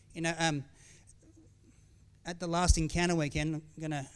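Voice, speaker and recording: A man's voice: fairly high pitch, steady tone, measured pace, creaky. A middle-aged man preaching a sermon as pastor, speaking candidly and conversationally with frequent restarts and asides. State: tearful at times.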